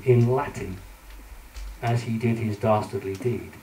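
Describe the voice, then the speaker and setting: A man with a mellow, average-pitched voice addresses a live audience from the front of a room, talking through his slides in a loose, conversational way. He stumbles and restarts often, filling the gaps with ums. The mic sits some distance away in a roomy hall. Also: normal speed, a little hiss or hum. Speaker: public speaker lecturing with slides.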